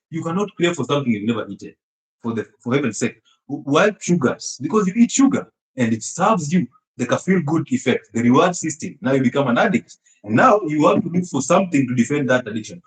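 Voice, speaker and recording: A man giving an animated health talk, emphatic and teasing, often laughing and throwing rhetorical questions at his listeners. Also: a little high, a little fast. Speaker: health speaker. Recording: echoey room.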